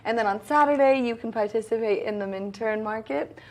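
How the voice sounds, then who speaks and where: A woman's voice: a little high, brisk. Upbeat woman co-hosting a morning show. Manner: enthusiastic, breathless rush through listings. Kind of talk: upbeat local TV chat.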